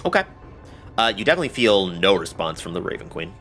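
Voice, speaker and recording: Lively, bright-voiced male game master. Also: low-pitched, fast, faint music behind. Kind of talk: narrating a tabletop game.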